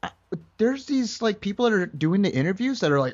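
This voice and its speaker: A man's voice: sits high, big pitch swings, fairly quick. Young man, casual podcast co-host, rambling, easygoing, dull lo-fi sound. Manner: laid-back, rambling, laughs often, many fillers. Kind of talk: casual chat.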